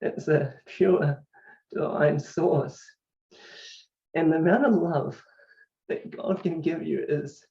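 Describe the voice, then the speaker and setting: A man's voice: a little high, slow pace, gravelly, pauses often, warm tone. A man telling his personal spiritual story to camera, fervent and rambling, with restarts and bursts of laughter. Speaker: channel host sharing his story. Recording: distant mic, dull lo-fi sound.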